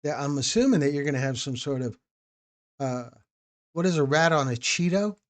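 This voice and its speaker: A man's voice: on the high side, lively intonation, moderate pace. A man hosting a live stream, chatting casually with viewers by name and often restarting his phrases. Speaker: documentary host answering live chat.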